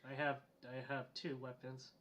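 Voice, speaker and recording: A man's voice: mid-range voice, level tone, a bit bright. A man playing in a tabletop game, talking casually with lots of fillers. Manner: quick, filler-heavy talk. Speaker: player.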